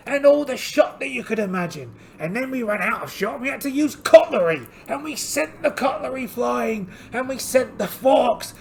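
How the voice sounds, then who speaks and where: A man's voice: extremely high pitch, expressive, normal speed, vocal fry, hardly any pauses, crowd noise, exaggerated voice. A man voicing a polite, boastful one-eyed pirate captain in a solo tabletop game, theatrical and full of exclamations. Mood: hearty. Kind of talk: in-character solo game narration.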